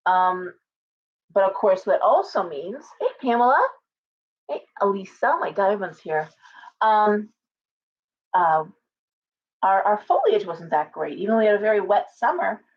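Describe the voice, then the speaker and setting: A woman's voice: medium pitch, big pitch swings, a little slow, pauses often, slight background noise. A middle-aged woman hosting a casual live chat from home, rambling and greeting viewers by name. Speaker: livestream host. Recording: dull lo-fi livestream audio.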